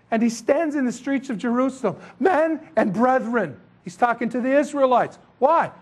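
A man with a high, light voice delivers a sermon in a relaxed, chatty style. He swings between big emphatic lines and quiet asides, keeping it informal and animated. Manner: casual, animated preaching with asides and humor. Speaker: pastor.

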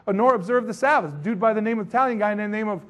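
A man's voice: high voice, racing, fairly bright tone. A man voicing the apostle Peter, emphatic and protesting in a Bible retelling. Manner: emphatic, interrupting himself.

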